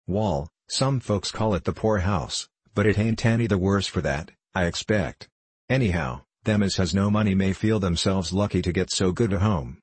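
Gruff rustic poorhouse keeper, deep raspy voice, dry close sound; a man reads him. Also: moderate pace, darkish tone, dry recording. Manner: coarse country dialect, blustering.

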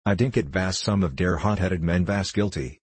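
A man's voice: sits low, moderate pace, husky, no room sound. A man reading an earnest workman who speaks broken English. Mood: reassuring. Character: German workman, neighbor, steady.

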